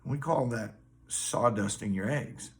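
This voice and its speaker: Gentle giant, protective and calm, quoted by a male vlogger in his own voice. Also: medium pitch, unhurried, gravelly. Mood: reassuring.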